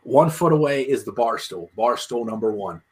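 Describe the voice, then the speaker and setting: A man's voice: medium pitch, lively intonation, moderate pace. A man from Pennsylvania, a musician telling road stories in a casual, rambling way with many restarts. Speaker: musician guest. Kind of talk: casual storytelling.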